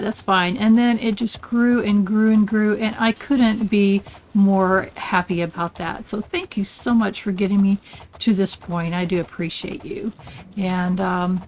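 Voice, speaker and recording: A woman's voice: medium pitch, low-quality recording. Older woman, gaming host, casual let's play chatter, rambling, sidetracked easily.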